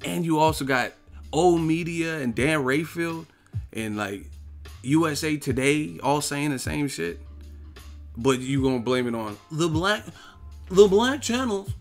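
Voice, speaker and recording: A man's voice: fairly high pitch, unhurried, faint music behind. A man hosting a boxing live stream, ranting in a profane, confrontational way. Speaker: boxing channel host.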